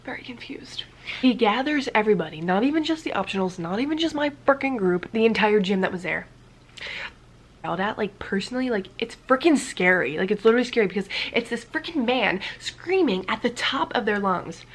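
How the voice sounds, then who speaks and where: A woman's voice: mid-range voice, expressive, a little fast. A woman vlogger telling a casual story-time tale, rambling with many fillers and dipping into whispers now and then.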